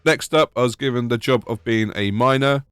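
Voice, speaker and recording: A man's voice: mid-range voice, a little fast, over music. A British man narrating a gaming video voice-over with wry, sarcastic humour. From United Kingdom. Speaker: gaming YouTuber.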